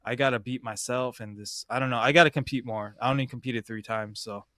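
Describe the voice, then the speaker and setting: Brisk and steady-toned, a young podcast host with a mid-range, slightly bright voice casually tells a competition story. He's slangy, swears a lot, and says "bro" to his listener repeatedly. Studio quality, no echo.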